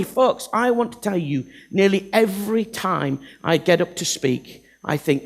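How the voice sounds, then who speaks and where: Man preaching, lively pitch swings and a gravelly edge, jokey and self-mocking. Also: measured pace, few pauses. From north of England. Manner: humorous, self-deprecating, acts out Bible characters. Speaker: visiting preacher. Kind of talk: sermon.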